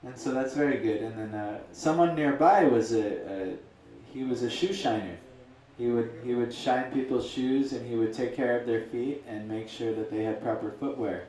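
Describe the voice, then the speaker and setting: A man's voice: medium pitch, moderate pace, mellow, slight background noise. Male spiritual teacher, casual rambling storyteller, distant mic, echoey room. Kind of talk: storytelling talk.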